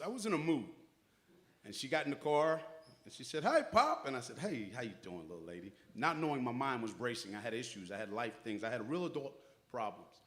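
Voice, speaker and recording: A middle-aged man hosting a ceremony with a mid-pitched, everyday voice. He tells a homespun story in a folksy, uplifting way. His pitch jumps sharply whenever he acts out the other people in the story. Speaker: master of ceremonies. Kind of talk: uplifting speech with a personal story. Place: church hall at an awards ceremony.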